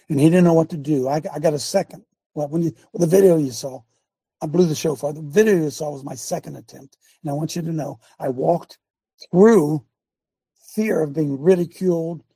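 Fervent male call-in host, husky and dark, preaching-style delivery. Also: a little high, no room sound. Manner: fervent, emphatic, repeats phrases. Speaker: talk show host.

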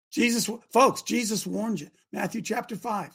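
A middle-aged man hosting a live talk show, preaching fervently to his audience with rhetorical questions and sudden shouted bursts. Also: high voice, normal speed, vocal fry, slightly rough.

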